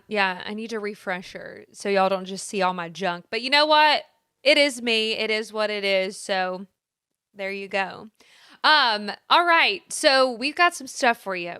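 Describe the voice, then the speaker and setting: A woman's voice: mid-range voice, lively intonation, measured pace, pushed and bright, clean tone, no room sound, studio quality. A woman co-hosting a podcast in casual chat, talking in a chatty, sing-songy way from a spare room at home. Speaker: podcast co-host.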